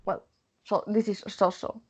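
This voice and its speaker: A woman from Spain with a Spanish accent, teaching English vocabulary online, repeating words slowly and checking in with "okay?". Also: mid-range voice, steady tone, highs cut off. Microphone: computer mic.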